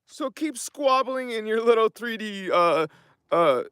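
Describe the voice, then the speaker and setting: A middle-aged man, hosting a spiritual livestream from his phone. He swings between mumbled casual chatter and fervent shouted invocations. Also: high-pitched, animated, unhurried, smooth, no echo. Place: by his truck in a cold underground space at night.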